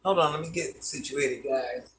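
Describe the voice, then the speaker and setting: A woman's voice: rumbling low, normal speed, fairly bright tone, slight background noise. A woman in her fifties hosting a livestream from home, reading her viewers' comments aloud and answering each one in an easygoing way. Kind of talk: casual live-stream chat.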